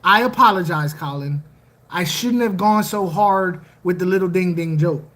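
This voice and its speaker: An aquarium channel host chatting casually on a livestream, animated and joking, often repeating phrases. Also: medium pitch, moderate pace.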